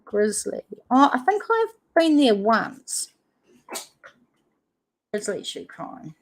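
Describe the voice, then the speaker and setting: Speaking slowly with big swings in pitch, her voice sits a little high. She's a livestream host from New Zealand, accent and all, reading out viewer comments during a relaxed chat.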